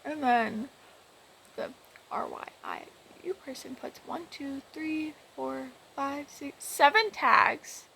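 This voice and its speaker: A woman's voice: high voice, slow pace, vocal fry, sharp tone, slight background noise, low-quality recording. A woman vlogger retelling a game story in a rambling, exasperated way, with many restarts. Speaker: gaming vlogger. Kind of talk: casual storytelling about a game.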